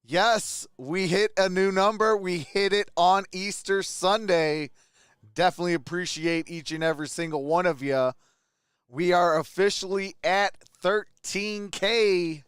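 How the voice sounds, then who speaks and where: A hoarse man hosts a casual live stream, greeting viewers one by one and laughing often. His voice sits high and moves at an unhurried pace. The sound is clean and dry. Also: a bit bright, no room sound. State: hoarse, voice nearly gone. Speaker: livestream host.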